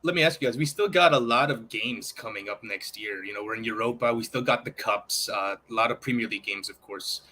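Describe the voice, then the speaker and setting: A man's voice: fairly low pitch, a little fast, few pauses, pushed and bright, a little hiss or hum. A man hosting a casual football chat on a podcast, who jumps in to put questions to the others.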